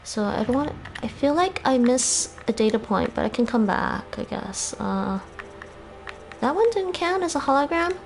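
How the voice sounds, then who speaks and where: A woman's voice: a little high, lively intonation, normal speed, vocal fry, soft background music. A Canadian woman chatting casually while streaming a game, a little tired, thinking aloud and laughing often.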